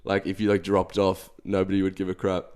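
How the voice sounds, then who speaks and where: A man's voice: low-pitched, monotone, brisk, a little mellow, smooth. A young man, co-hosting a podcast and telling a long self-deprecating story in casual chat with lots of fillers. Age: young adult. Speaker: podcast co-host.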